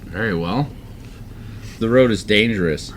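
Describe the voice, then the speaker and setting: A man's voice: on the low side, measured pace, a little hiss or hum, natural voice. A man voicing a courteous male merchant in a tabletop game, speaking formally. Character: polite middle-aged male merchant. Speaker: cart owner and stockman.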